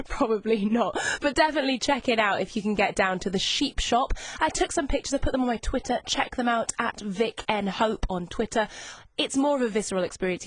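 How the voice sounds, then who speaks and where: A woman's voice: mid-range voice, no room sound. A young woman presenting a lunchtime radio chat show from a studio, bubbly and chatty as she reads out listener messages. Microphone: studio microphone.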